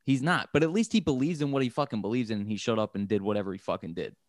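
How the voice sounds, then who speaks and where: A man's voice: fairly low pitch, racing, no echo, clean studio sound. An American man co-hosting a casual podcast chat, rambling and swearing as he talks. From United States. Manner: profane, rambling, animated. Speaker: podcast co-host.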